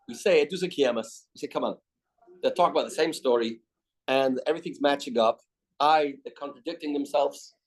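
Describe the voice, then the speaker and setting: Man teaching a Talmud page, higher voice. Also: rough recording. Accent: Canadian. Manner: mixes Aramaic reading with quick English explanation, repeats key phrases. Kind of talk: daily Talmud class.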